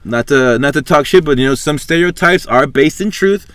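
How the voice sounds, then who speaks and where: A man's voice: a little high, expressive, normal speed, fairly bright tone, no room sound. Rambling, profane man hosting a podcast. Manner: rambling, filler-heavy and profane. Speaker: podcast host. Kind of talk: casual chat. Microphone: podcast microphone.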